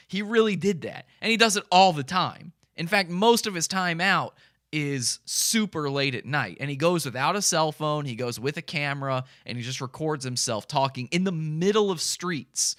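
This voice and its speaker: A man's voice: fairly high pitch, expressive, normal speed, fairly bright tone, no echo, clean studio sound. A man hosting a live stream, commenting casually and animatedly, often laughing between lines.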